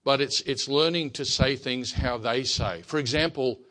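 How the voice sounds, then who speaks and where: A man's voice: medium pitch, normal speed, fairly bright tone. A man with an Australian accent giving a sermon and telling stories about missionary life, often repeating words as he starts a sentence. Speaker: missionary preacher.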